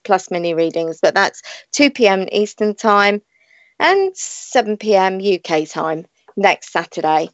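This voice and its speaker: A British woman hosts a live internet radio show from home, chatting away in a loose, rambling manner with plenty of laughter. Her voice sits at an ordinary middle pitch. The sound is dull and lo-fi, yet dry and close, with no room echo. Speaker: radio show host and psychic reader. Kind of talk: live online radio chat.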